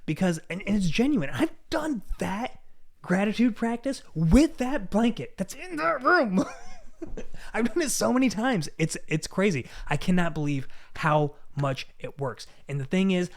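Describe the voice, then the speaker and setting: A young adult man hosting a casual motivational talk, animated and excitable, often breaking into laughter. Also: high-pitched. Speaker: host.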